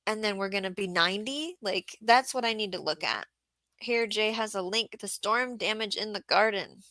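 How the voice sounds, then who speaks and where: A woman's voice: mid-range voice, moderate pace, bright, forceful tone, no echo. A woman hosting a casual livestream about market gardening, chatting and reading viewer comments aloud.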